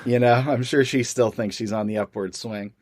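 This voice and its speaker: A man's voice: medium pitch, fairly even intonation, normal speed, a little mellow, no echo, studio quality. Wry man co-hosting a podcast. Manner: wry, teasing humor. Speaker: podcast co-host. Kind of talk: casual chat and reading comic strips aloud.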